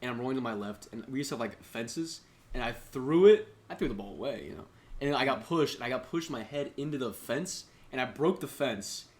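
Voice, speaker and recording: A man's voice: medium pitch, animated, fairly quick, darkish tone. A young man co-hosting a casual podcast, rambling through sports stories, swearing and acting out what people said. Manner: rambling storyteller, swears, voices quotes. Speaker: podcast co-host. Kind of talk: casual chat.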